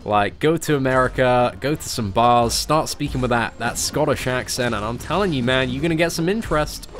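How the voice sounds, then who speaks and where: A man's voice: mid-range voice, fairly quick, fairly bright tone, faint music behind. A young British man hosting a game livestream, answering viewers in a casual, chatty way and peppering his talk with "man" and "you know". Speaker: livestream host.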